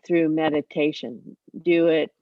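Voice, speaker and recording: A woman's voice: sits low, steady tone, no room sound. Older woman, reflective, dull lo-fi sound. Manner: reflective, halting with pauses and fillers. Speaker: guest. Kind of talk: casual interview talk. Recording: dull, dry lo-fi remote audio.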